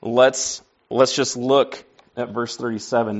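Teaching a class in a homespun way, this preacher says "y'all" and "like," asks the group questions and answers them on his own. He speaks in a mid-range voice at a moderate pace, and the recording is muffled.

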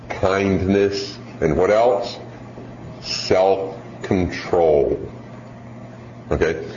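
A middle-aged man preaching a sermon, telling stories and acting out voices in an animated way. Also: lowish voice. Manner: animated storytelling with acted-out voices. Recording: dull roomy hall sound, faint noise.

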